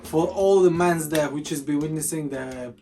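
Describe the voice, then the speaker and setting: A man's voice: fairly high pitch, moderate pace. A man chatting casually as a vlogger about being a partner, joking and repeating his words. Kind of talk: casual chat. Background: soft guitar music.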